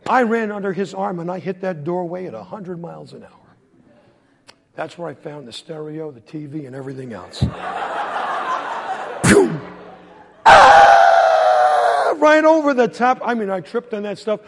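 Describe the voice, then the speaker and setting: A man preaching a sermon, telling a story in an animated way, acting out voices and sound effects and laughing often. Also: a little high, moderate pace, creaky, long pauses, crowd noise. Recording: long hall reverb.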